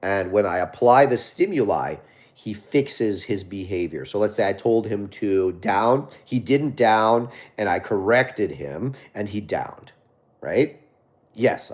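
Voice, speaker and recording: A man's voice: low-pitched, darkish tone. A man, a dog trainer, hosting a casual live stream where he reads viewer questions and answers them, often tagging his points with "right?".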